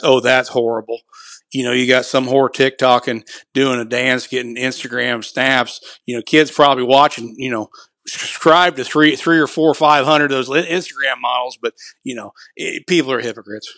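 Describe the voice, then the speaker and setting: A man's voice: medium pitch, a bit bright, no room sound. Blunt, profane man on a podcast. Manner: blunt, profane, rambling with many "you know" fillers. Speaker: podcast guest, clay shoot organizer. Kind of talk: casual podcast conversation.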